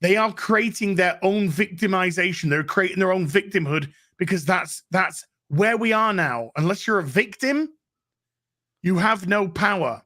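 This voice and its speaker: A man's voice: high-pitched, lively intonation, normal speed, bright, forceful tone, no room sound, studio quality. A man co-hosting a casual panel chat, emphatic and profane, repeating words for emphasis. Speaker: panel co-host.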